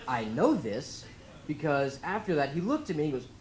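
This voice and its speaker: A teenage boy performing a stand-up comedy set in a comedy club, telling stories in a deadpan way on a handheld mic. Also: a little high, moderate pace, a crowd in the background, background noise. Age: teens.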